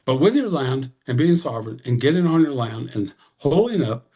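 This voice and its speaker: A man's voice: medium pitch, big pitch swings, normal speed, mellow, breathy edge. A man giving an impassioned, urgent address to a webinar audience over a video call. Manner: fervent, urgent, exhorting. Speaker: tribal representative presenter.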